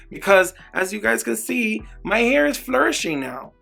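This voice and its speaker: A man's voice: sits high, sing-song, moderate pace, creaky, few pauses, pushed and bright, soft background music. A man in a candid personal vlog, talking emphatically and with lots of swearing, repeating words for emphasis as he urges viewers on. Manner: emphatic, profane, motivational. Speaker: beauty vlogger. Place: indoors at home.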